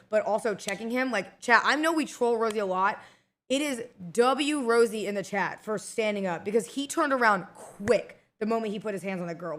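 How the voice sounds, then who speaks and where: A young adult woman streamer telling a heated story to her chat in a casual, swearing, animated way. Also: medium pitch.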